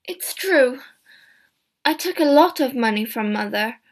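A distraught grown daughter cries out in a high, loud voice, tearful and defensive, as a woman reads her part. Her lines come in emotional bursts. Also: lively intonation, a little slow, heavily acted. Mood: confessing.

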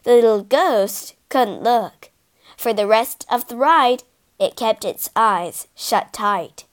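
A woman reading a children's storybook aloud, with expressive, animated narration. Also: on the high side, slow.

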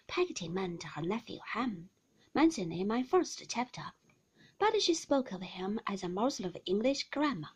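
A woman reading a classic novel aloud in a soft, half-whispered voice. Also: medium pitch, very animated, normal speed, slightly rough. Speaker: narrator. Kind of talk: storybook reading.

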